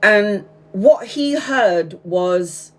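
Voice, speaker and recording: A woman's voice: medium pitch, extremely slow. A woman tarot reader hosting a live stream, chatting casually, telling a story bluntly with lots of swearing and frequent laughter. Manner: profane, blunt, animated storyteller; laughs often while talking.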